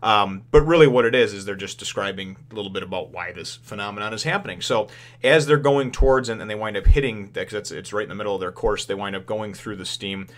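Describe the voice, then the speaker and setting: A man's voice: on the low side, fast talker. A man giving a casual spoken review of a manga chapter. He rambles, chuckles often and leans on lots of fillers as he retells the plot.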